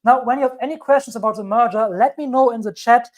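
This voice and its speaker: A woman's voice: fairly high pitch, fast talker, a little mellow. A woman with a thick German accent, hosting a live crypto stream, emphatic and reassuring, repeating her points and reading news aloud. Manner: reads news items aloud. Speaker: crypto channel host.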